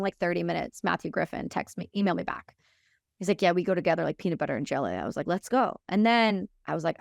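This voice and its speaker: A woman in her thirties from Canada, a military veteran telling her story frankly and with emotion in an interview, quoting others in quick dialogue. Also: fairly low pitch, gravelly, no room sound, clean studio sound. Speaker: podcast guest, military veteran.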